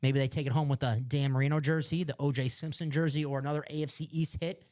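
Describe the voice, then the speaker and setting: A man's voice: fairly high pitch, fairly even intonation, quick pace, darkish tone. Upbeat Chicago-accented man hosting. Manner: upbeat, joking, hyping items. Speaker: live break host. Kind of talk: live stream sales chat.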